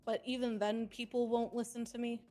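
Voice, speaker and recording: Relaxed woman giving casual advice. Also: on the high side, normal speed, faint music behind. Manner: relaxed, mentoring, swears casually. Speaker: streamer, senior roleplay police officer.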